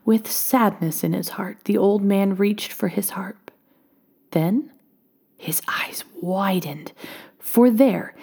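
A woman reading a children's storybook aloud, expressive and often dropping to a hush. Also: mid-range voice, slow, vocal fry, husky.

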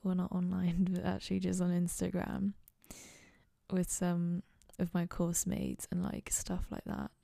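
Her lowish, warm voice carries vocal fry, monotone and unhurried. A young woman hosting a solo podcast from her dorm room, she rambles casually in a goofy, self-deprecating style, and the studio-quality audio has no echo.

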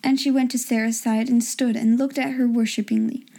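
Woman narrator, high voice, warm mellow tone, gentle measured storybook reading. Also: level tone. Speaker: audiobook narrator.

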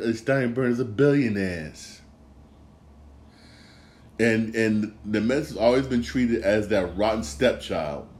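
A man's voice: mid-range voice, a little mellow, echoey room. A man hosting a casual sports podcast, rambling and repeating himself as he gets worked up. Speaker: podcast host.

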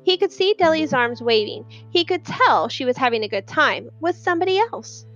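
A woman narrating an audiobook in an expressive storytelling manner. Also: high voice, moderate pace, highs cut off, faint music behind. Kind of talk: scripted narration.

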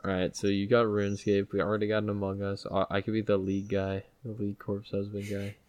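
A young man co-hosting a casual podcast, relaxed and agreeable, going along with jokes. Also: fairly low pitch, a little fast, dry recording. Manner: laid-back, agreeable, laughs along. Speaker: podcast co-host. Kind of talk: casual chat.

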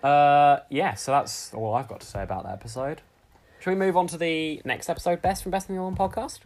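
A man co-hosting a casual comedy podcast, rambling and halting with lots of fillers. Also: fairly high pitch, fairly even intonation, a little mellow. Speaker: podcast co-host.

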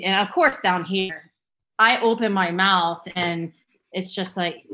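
A woman with a Boston-area accent chats as a guest in a relaxed interview. She rambles along, filling her story with ums and likes. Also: medium pitch, unhurried. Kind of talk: casual interview chat.

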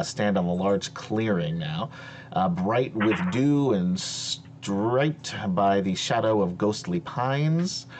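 A man narrates a tabletop game as game master in a deep voice. He talks slowly, pausing often on fillers. A faint hum runs under the recording. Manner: slow, hesitant narration with many fillers.

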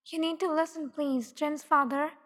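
A woman's voice: sits high, fairly even intonation, normal speed, a bit bright. A woman reading the lines of an earnest, determined young woman lawyer in a story, pleading politely. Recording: long echoing reverb.

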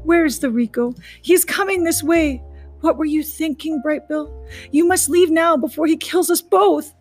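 A woman's voice: sits high, moderate pace, soft background music, pitched above the performer's own voice, natural voice. A woman voicing a female robot who is the mother of a young goose. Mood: urgent.

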